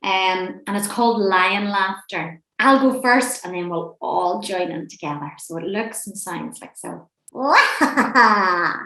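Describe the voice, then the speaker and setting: A woman leading a laughter and breathing class, gentle, playful and encouraging, speaking from a room on a video call. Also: medium pitch, unhurried, hardly any pauses. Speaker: laughter and relaxation session leader. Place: indoor room at home, seated near a screen. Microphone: webcam or laptop mic on a video call. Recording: roomy echoey room sound.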